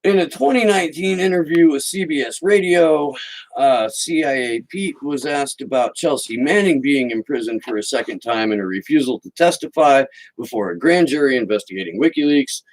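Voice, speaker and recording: A male podcast host delivers political commentary with a sarcastic, mocking edge. His pitch sits right in the middle for a man, and he reads quotes aloud between his jabs. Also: lively intonation, normal speed, rough recording.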